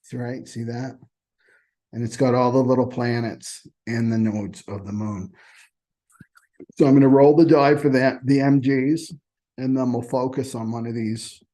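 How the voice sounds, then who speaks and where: A man's voice: mid-range voice, mellow. A man hosting an astrology channel, giving a loose, repetitive spiritual talk in a casual way and often checking in with "right?". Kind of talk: casual spiritual teaching monologue.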